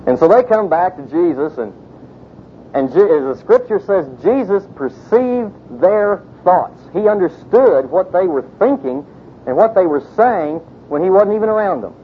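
Male preacher, conversational, storytelling, tinny phone-like sound, faint engine rumble. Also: expressive, moderate pace. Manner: conversational, many fillers, storytelling. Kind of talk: sermon.

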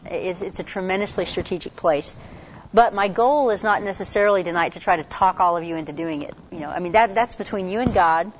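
A woman with a congested voice giving a casual workshop talk on campus ministry, chatty and quick, full of fillers and restarts. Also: on the low side, slight background noise. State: congested from a cold. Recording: dull lo-fi recording.

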